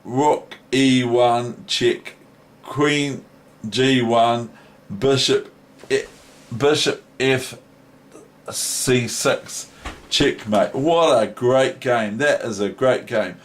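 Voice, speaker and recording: A man's voice: mid-range voice, extremely slow. A man with a New Zealand accent casually commenting on a chess game as a teacher, delighted and laughing often between remarks.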